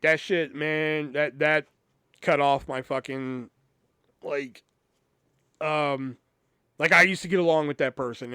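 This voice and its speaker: A man's voice: fairly high pitch, fairly bright tone, clean tone, no echo, clean studio sound. A man hosting a podcast, telling work stories in a casual, profane, rambling way and acting out the people he quotes. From Iowa. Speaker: podcast host. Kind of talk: casual storytelling.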